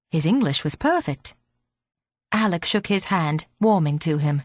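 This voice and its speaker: Low-voiced woman reading an audiobook. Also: lively intonation, measured pace, dry recording. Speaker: audiobook narrator. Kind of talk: scripted narration.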